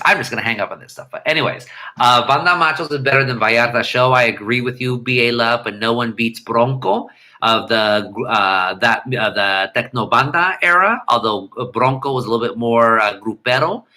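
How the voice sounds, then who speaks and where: Bright-voiced man rambling on a livestream. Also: mid-range voice. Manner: rambling, hums and scats melodies. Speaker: livestream host. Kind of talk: casual livestream chat reading comments. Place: home room.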